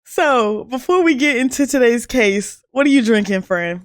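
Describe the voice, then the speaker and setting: A woman's voice: on the high side, moderate pace, no room sound, clean studio sound. A woman from the American South with a Southern accent, co-hosting a casual podcast and telling the story with lots of laughs. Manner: giggly, animated storyteller. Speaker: podcast co-host.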